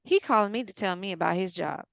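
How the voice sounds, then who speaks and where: Brief: woman, casual talk, lively storyteller, dry recording. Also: fast, creaky, dry recording. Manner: animated storyteller, acts out quotes with big pitch jumps. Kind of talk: casual chat.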